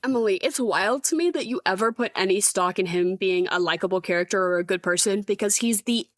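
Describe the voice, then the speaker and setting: A woman's voice: medium pitch, a little fast, no room sound. A woman co-hosting a podcast, casually and animatedly recapping a movie with frequent laughs. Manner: chatty, animated, laughs often. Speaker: podcast co-host. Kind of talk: casual chat recapping a film.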